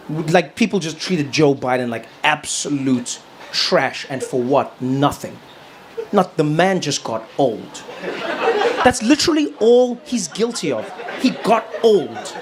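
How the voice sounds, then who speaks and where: Stand-up comic, man, loose ranting delivery with stammers, live noisy recording. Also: on the high side. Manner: conversational rant, stammers and restarts. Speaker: stand-up comedian. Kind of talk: stand-up routine. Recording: noisy live stage audio.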